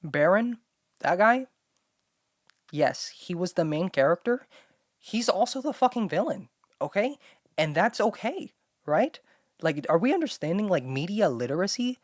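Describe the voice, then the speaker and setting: A woman's voice: fairly low pitch, very animated, unhurried, pauses often, dry recording, studio quality. A young woman hosting her own chat show, rambling with constant fillers and talking bluntly with plenty of swearing. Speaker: solo podcast host. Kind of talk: casual talking-to-camera chat.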